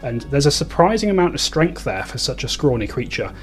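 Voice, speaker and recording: A man's voice: medium pitch, sing-song, fairly quick, soft background music. A man narrating a tabletop game as game master, describing scenes in a rambling way.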